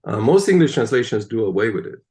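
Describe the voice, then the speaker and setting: A man being interviewed, explaining at length in an animated, emphatic way and often checking in with "right?". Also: mid-range voice, quick pace. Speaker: guest, translator of the Psalms. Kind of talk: conversational interview.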